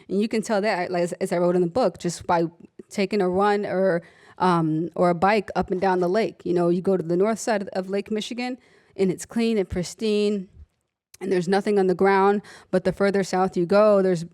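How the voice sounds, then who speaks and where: A young adult woman, an emergency room nurse and author, telling stories from her work in a conversational talk, acting out the people in them. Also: lowish voice. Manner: animated storytelling, voices her patients, laughs often.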